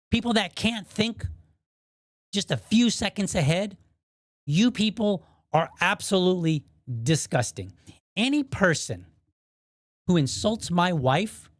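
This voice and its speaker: A man's voice: fairly high pitch, dry recording, clean studio sound. A man hosting his own podcast, delivering a blunt, heated opinion monologue. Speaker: podcast host.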